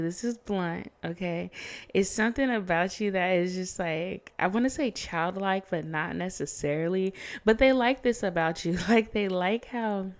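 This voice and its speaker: A woman's voice: medium pitch, darkish tone. A woman giving a casual tarot reading, chatty and blunt, swearing freely and laughing often. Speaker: tarot reader. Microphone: phone.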